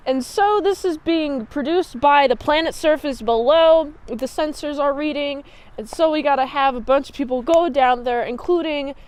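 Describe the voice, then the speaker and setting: A young woman casually recapping and reviewing TV episodes, chatty and giggly, with lots of filler words and restarts. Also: high-pitched.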